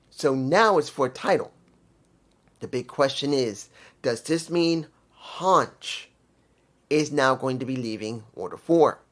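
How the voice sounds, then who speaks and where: A man casually reviewing a wrestling show, rambling and circling back to correct himself. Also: medium pitch.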